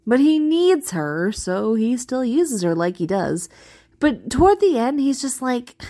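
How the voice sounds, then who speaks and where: A woman casually reading a fan-written post aloud, amused and expressive. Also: mid-range voice, a little slow, creaky. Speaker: reader.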